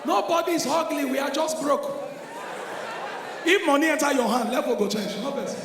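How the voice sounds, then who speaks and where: A Nigerian man doing a stand-up comedy routine on a live stage, loud and excitable, often breaking into shouts. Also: very high-pitched, normal speed, background noise. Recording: echoey live venue with crowd.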